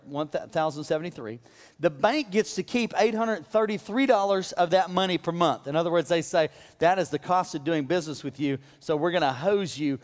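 A middle-aged male pastor preaching with humor, speaking directly to a large congregation in a church. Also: high voice. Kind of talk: sermon. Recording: long hall reverb.

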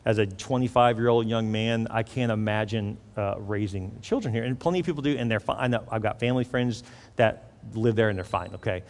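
A man from Houston, Texas preaches to his congregation, telling a story in a rapid, animated voice. He acts out the lines of the people in it. His voice rings with a long echo through a large church hall. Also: fairly low pitch. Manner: animated, acts out quoted dialogue. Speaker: pastor. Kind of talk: storytelling sermon.

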